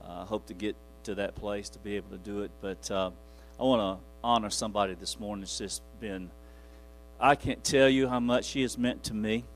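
A man's voice: on the low side, steady tone, fairly quick, slight background noise. Chuckling, rambling male pastor. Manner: rambling, chuckling, self-deprecating. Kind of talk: folksy storytelling from the pulpit.

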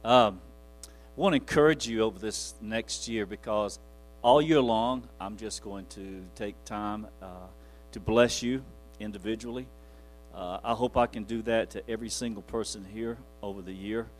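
A man's voice: fairly low pitch, moderate pace, soft background music. Chuckling, rambling male pastor. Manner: rambling, chuckling, self-deprecating. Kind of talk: folksy storytelling from the pulpit.

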